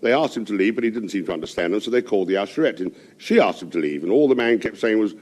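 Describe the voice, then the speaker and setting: A man's voice: fairly low pitch, racing. A British man presenting a radio comedy show, telling jokes and anecdotes to a studio audience. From Britain. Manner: lively joke-telling with funny voices.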